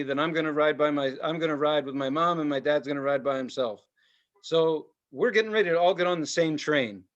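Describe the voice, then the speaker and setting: A man's voice: fairly high pitch, lo-fi sound. A middle-aged man, a podcast co-host, telling a story in casual chat, heated and full of swearing. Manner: heated, profane, animated storytelling.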